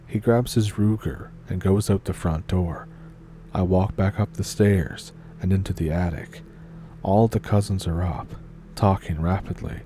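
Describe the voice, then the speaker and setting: Low-voiced man telling spooky stories. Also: slight background noise. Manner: calm, measured reading of spooky first-person stories. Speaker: horror story narrator. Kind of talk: storytelling narration.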